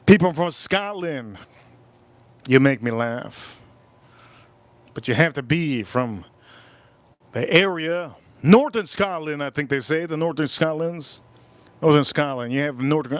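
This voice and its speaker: A man hosting a casual live stream, tasting whiskey and joking with his chat in a playful, repetitive way. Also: fairly high pitch. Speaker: livestream host reviewing whiskey.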